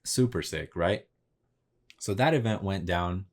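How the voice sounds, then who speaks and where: Unhurried and low-voiced, a podcast host narrates a tale in relaxed, profane slang while reenacting conversations he had. His intonation stays lively throughout.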